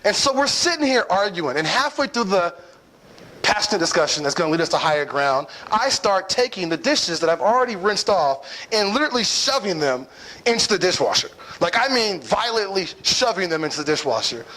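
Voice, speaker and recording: A young man with a slightly high, very lively voice tells a story to an audience. He is playful and animated, acting out his own lines and often stopping to ask "right?" His pitch swings up and down a lot as he talks. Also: a little fast, rough recording. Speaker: speaker telling a personal lesson.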